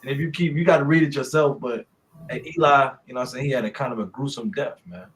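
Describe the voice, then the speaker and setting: A man's voice: medium pitch, fast talker. A man in a casual scripture discussion, blunt and punchy, often checking in with "right?". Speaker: class member.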